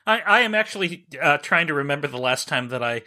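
Male panelist; halting and stammering, dry humor, bright tense tone. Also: a little high, expressive. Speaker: podcast panelist. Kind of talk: casual podcast chat.

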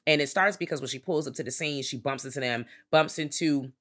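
Podcast co-host thinking out loud. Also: mid-range voice, fairly quick. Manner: thinks aloud, lists points, frequent fillers and profanity. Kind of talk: casual movie review chat.

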